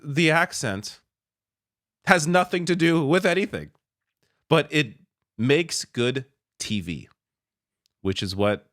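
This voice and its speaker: Guy ranting over news clips, sarcastic, laughs a lot, mid-pitch voice. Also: a bit bright. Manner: sarcastic, exasperated, laughs often. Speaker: political commentator.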